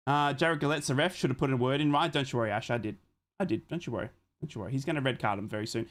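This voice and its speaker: A man's voice: medium pitch, racing. Chatty Australian man hosting a stream. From Australia, born in Adelaide. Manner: chatty and excitable, swears casually, talks to chat. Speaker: live stream host. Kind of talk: football watch-along chat and play-by-play.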